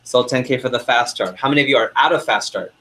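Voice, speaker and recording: A young man, a sales division manager, speaking to a room of reps in a lively motivational meeting, full of quick asides. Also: medium pitch.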